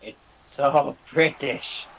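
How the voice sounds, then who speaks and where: A man's voice: mid-range voice, extremely slow, fairly bright tone, lo-fi sound, a little hiss or hum. A man giving casual, irreverent color commentary on a wrestling video game, swearing and laughing.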